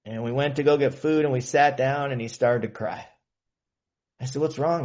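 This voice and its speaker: A man's voice: medium pitch, moderate pace, a little mellow, dull audio. A man from California sharing his recovery story as a meeting speaker, in an earnest, casual storytelling manner with slang. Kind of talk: personal testimony talk. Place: meeting hall.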